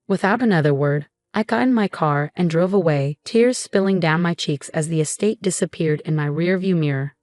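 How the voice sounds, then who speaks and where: Lowish woman narrating a story. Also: moderate pace, few pauses, darkish tone, dry recording, clean studio sound. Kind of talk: first-person story narration. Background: faint music.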